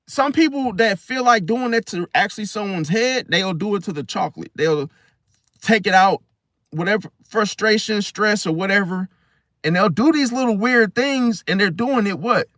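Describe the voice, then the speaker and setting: A man with a high, very lively voice tells a rambling story in loose street slang. He hosts an astrology talk channel. The sound is close and dry, with no room around it. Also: measured pace, dry recording. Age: adult, once married. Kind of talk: casual storytelling monologue.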